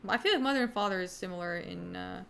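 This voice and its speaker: A woman's voice: on the low side, quick pace, vocal fry, a bit bright. A young woman streaming, chatting casually with viewers in a rambling way, with lots of fillers and casual swearing. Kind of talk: casual livestream chat answering viewers.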